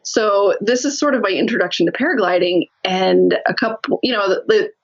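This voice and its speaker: Speaking briskly at medium pitch through a muffled recording, a woman guest on a podcast recounts stories in a relaxed interview. She is lively, laughs frequently, and imitates the quotes of the people involved.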